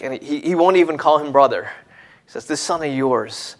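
A man preaching a sermon in an expressive way, dropping to hushed tones and then rising to emphatic points. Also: on the high side, moderate pace.

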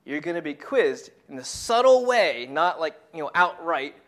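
A man's voice: fairly high pitch, sing-song, normal speed, a bit bright. A man preaching a casual sermon to young people, conversational and emphatic, who keeps repeating his key phrases.

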